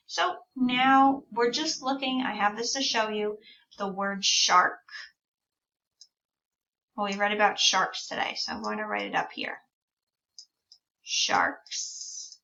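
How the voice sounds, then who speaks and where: A woman teaching a speech-sound lesson to young children, sounding out words slowly and drawing out sounds. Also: mid-range voice, sharp tone. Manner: slow, drawn-out sounding out of words. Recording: distant, dull lo-fi recording.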